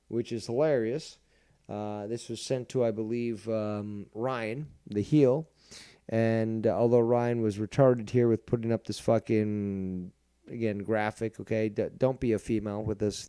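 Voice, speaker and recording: A man's voice: mid-range voice, dark tone, smooth. A man hosting a commentary show, ranting in a crude, profane and mocking way, rambling with many fillers. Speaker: show host.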